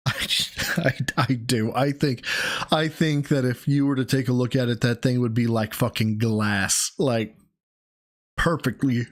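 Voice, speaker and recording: A man's voice: medium pitch, fairly even intonation, a little slow. A man co-hosting a live stream, roasting his partner with sarcastic, crude jokes. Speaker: stream co-host.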